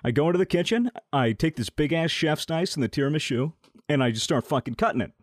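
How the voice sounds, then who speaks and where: Swearing, animated man telling a story. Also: on the high side, fast, no room sound, clean studio sound. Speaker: podcast host. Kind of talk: casual podcast chat.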